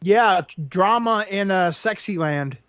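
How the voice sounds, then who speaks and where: A man co-hosting a casual wrestling talk show, excitable and loose, swearing casually. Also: sits high, slow pace, clear, resonant tone, no room sound, highs cut off. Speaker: podcast co-host.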